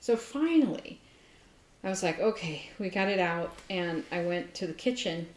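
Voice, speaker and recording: A woman co-hosting a casual crafting chat, telling a workplace story with lively asides and self-mocking laughter. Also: fairly low pitch, normal speed. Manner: animated storyteller, laughs at herself. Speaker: podcast co-host. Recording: roomy echo.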